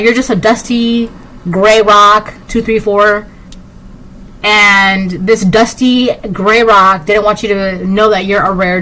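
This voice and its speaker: A woman's voice: medium pitch, a bit bright, a little hiss or hum, low-quality recording. A woman giving a casual tarot reading, rambling and sassy, full of "like" and "um". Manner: rambling, filler-heavy, with frequent "like" and "um". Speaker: tarot reader.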